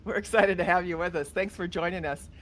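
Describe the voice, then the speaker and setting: A woman's voice: lowish voice, fast talker, a bit bright. A woman hosting a podcast, chatting with guests in an upbeat, enthusiastic way. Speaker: podcast host. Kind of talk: casual podcast chat.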